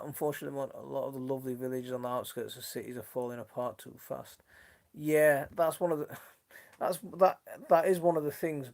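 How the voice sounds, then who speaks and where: A live-stream host with a blended Leeds and Sheffield accent, talking at an ordinary pitch with a gravelly edge. He sounds chatty and friendly, answers viewer comments and often restarts his sentences, all recorded on a phone at home. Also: a little mellow. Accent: mixed Leeds and Sheffield. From Northern England. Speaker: gardening channel host.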